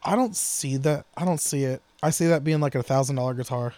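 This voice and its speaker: A man's voice: mid-range voice, fairly quick, warm tone, no echo. A man co-hosting a casual podcast about guitar gear, rambling and joking, his sentences often trailing off into mutters. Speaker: podcast co-host.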